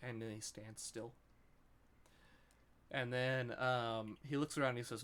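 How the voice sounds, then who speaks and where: A man's voice: mid-range voice, little pitch movement, measured pace, fairly bright tone, a little hiss or hum. A man narrating as game master, describing the scene with frequent ums.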